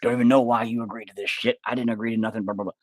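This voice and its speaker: A man's voice: mid-range voice, flat delivery, racing, no echo, studio quality, lightly acted. A man doing a grumpy old grandpa. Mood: grumbling. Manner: gruff grumbling.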